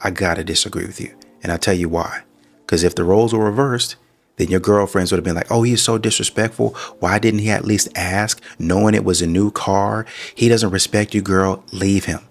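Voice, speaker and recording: Deep-voiced man giving reaction commentary. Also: normal speed. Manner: calm, reasoned arguing. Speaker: reaction channel host.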